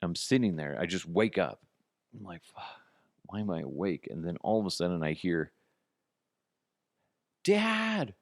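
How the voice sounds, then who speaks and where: A middle-aged man hosting a podcast, telling profane, comic stories in a casual way and jumping to a high, disbelieving pitch. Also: brisk, vocal fry, dry recording, studio quality. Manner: profane, animated, jumps to high incredulous pitch. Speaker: podcast host. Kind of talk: casual comedic storytelling.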